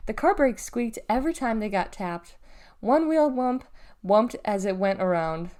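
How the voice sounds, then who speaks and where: A woman reading a children's novel aloud in a lively, expressive storytelling manner. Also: medium pitch, a little slow. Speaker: reader.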